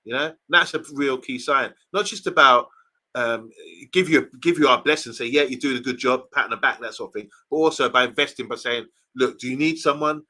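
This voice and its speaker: Bright-voiced man chatting football. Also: medium pitch, a little fast. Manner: animated, acts out imagined conversations. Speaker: co-host of a football fan livestream. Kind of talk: casual chat.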